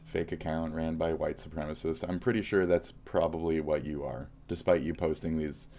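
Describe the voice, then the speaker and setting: A man's voice: rumbling low, steady tone, moderate pace, dark tone. A man streaming live, reacting to posts with a profane, mocking rant.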